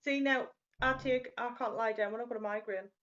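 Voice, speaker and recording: A woman's voice: on the high side, steady tone, brisk, a bit bright. A woman co-hosting a podcast, chatting casually and telling stories with acted-out quotes. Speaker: podcast co-host. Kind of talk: casual chat. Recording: dull lo-fi mic with faint noise.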